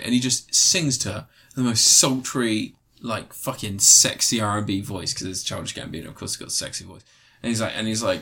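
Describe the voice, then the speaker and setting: A man's voice: lowish voice, a little fast, few pauses, bright, forceful tone. A man reviewing a film in casual, crude podcast chat, rambling and laughing at his own jokes.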